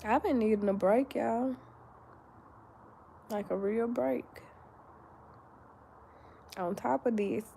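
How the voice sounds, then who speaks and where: A woman's voice: fairly high pitch, creaky, warm tone, slight background noise. Drowsy woman chatting to her viewers. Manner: slow and drowsy, talks straight to viewers. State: sleepy. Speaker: livestream host reading viewer comments. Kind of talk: casual live chat.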